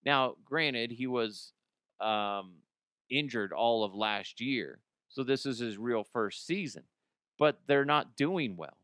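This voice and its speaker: A man's voice: mid-range voice, lively intonation, slow pace, a bit bright, dry recording. A man hosting a solo sports podcast, ranting bluntly with swearing, often restarting and repeating words. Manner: blunt, opinionated, swears freely. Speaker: podcast host.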